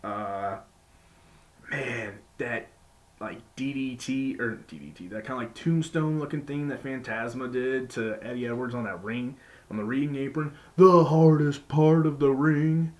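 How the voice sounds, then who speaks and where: A man giving a casual spoken review of a wrestling show, rambling with many fillers and restarts, and acting out quotes in sudden high-pitched voices. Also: unhurried.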